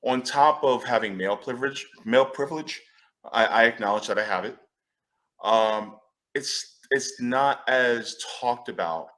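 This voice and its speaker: A man speaking as a panelist in a discussion, animated and emphatic, swearing when riled. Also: mid-range voice, unhurried.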